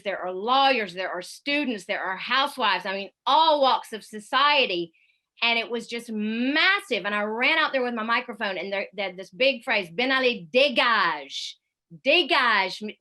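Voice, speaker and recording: A woman, a radio correspondent, telling a lively story over a video call, full of fillers and asides. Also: medium pitch. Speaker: radio correspondent giving a talk. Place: home in Paris, at night.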